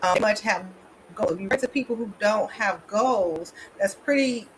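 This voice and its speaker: A woman's voice: mid-range voice, normal speed, noisy background. A woman therapist and coach, giving an emphatic, motivational conference talk over a video call. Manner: emphatic, motivational, addresses audience as y'all.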